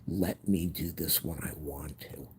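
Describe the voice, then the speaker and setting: A man's voice: extremely low pitch, a little slow, darkish tone, slight background noise. A middle-aged man in an angry personal rant, heated and repeating himself as he recounts an argument.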